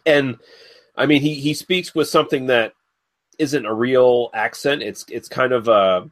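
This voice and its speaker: A man's voice: mid-range voice, fairly even intonation, unhurried. A man co-hosting a casual podcast, joking and laughing often as he talks. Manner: laughing, slips into silly put-on voices. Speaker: podcast co-host.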